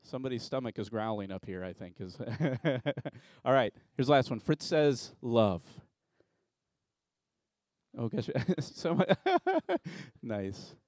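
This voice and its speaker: A man's voice: mid-range voice, lively intonation, slow pace, pauses often, darkish tone, dry recording, studio quality. A man preaching a sermon as pastor in a church, joking around with a game at first and then turning earnest and reflective. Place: church sanctuary.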